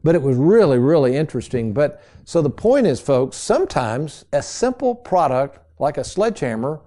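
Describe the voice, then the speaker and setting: Middle-aged male radio host, folksy storyteller, mellow warm tone, studio mic. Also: on the high side, sing-song, normal speed. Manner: folksy, addresses listeners as folks. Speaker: radio show host and financial advisor. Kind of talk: casual storytelling radio talk.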